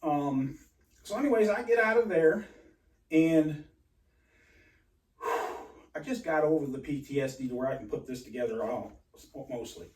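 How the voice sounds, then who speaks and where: A man telling a rambling personal story in an agitated, halting way, full of restarts and swearing. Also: a little high, a little mellow. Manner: profane. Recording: roomy and distant from mic.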